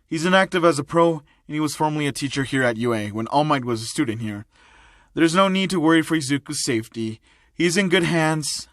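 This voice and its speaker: A man voicing a tired, deadpan male hero teacher in a fan-made audio story, speaking dryly. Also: fairly high pitch, fairly quick, no echo, studio quality.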